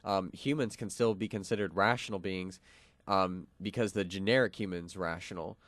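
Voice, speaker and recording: Young guy on college radio, really low voice, lots of ums, dry studio sound. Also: steady tone, moderate pace, fairly bright tone, no room sound. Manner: many fillers and restarts, explanatory. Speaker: radio show co-host. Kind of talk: casual philosophical discussion.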